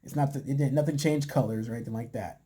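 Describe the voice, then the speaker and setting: A man casually recapping a reality show, talking in a relaxed, chatty way with lots of fillers and putting on voices for quotes. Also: quick pace, husky. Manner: laid-back, chatty, lots of "you know" and "man"; acts out quotes in a higher voice. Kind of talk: casual chat.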